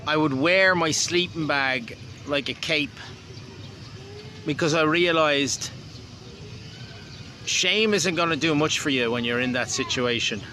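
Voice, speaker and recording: An Irish man talks to camera outdoors, wandering from one thought to the next with a wry, rambling manner. His voice sits a little high for a man. Faint outdoor ambience murmurs behind him. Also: slow pace, long pauses, bright, forceful tone, a little hiss or hum. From Ireland. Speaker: vlogger. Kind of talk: casual spoken monologue.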